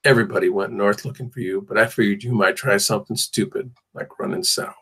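A man's voice: fairly low pitch, quick pace, fairly bright tone, husky. A man doing a drawling menacing slaveholder. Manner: drawling, ominous, mocking. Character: cruel young male slaveholder, menacing, possessive.

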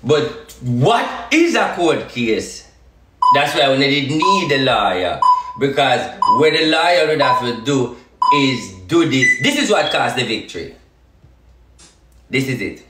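A man's voice: medium pitch, big pitch swings, a little slow, bright, forceful tone, echoey room, far from the mic, slight background noise. A man with a Jamaican accent giving a defiant, repetitive live-stream address to his followers.

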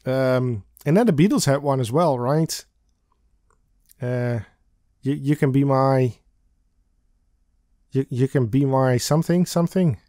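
Slow, chatty let's play man. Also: mid-range voice, dark tone, no echo, clean studio sound. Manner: chatty, giggly, hums and sings snippets. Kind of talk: game commentary and text reading.

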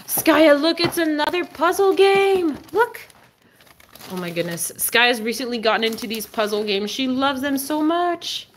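A woman's voice: a bit bright, a little hiss or hum. Woman cooing at her dog. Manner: talks to her dog in a high sing-song voice, then drops to low asides; laughs often, with many exclamations. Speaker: dog owner hosting a livestream. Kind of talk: casual livestream chat.

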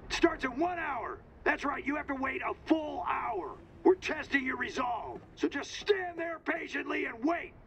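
A contemptuous drill instructor in a game, insulting recruits in a very high, taunting voice. A faint hiss sits behind him. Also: male voice, animated, normal speed, few pauses, a bit bright, full character voice. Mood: sneering. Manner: sneering, insulting. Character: mocking male drill instructor over a speaker, contemptuous.

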